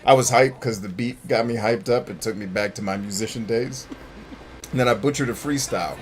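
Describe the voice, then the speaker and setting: This gaming stream host has a mid-range voice and talks a little fast. His commentary is casual, full of jokes and rambling, and aimed at his chat.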